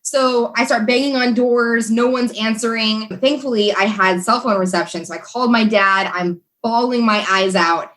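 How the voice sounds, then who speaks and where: A young woman from the US tells a personal story as a podcast guest. Her voice sits a little high, and she talks in an animated way with frequent laughs, fillers and restarts. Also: normal speed, hardly any pauses. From USA. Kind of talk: casual storytelling.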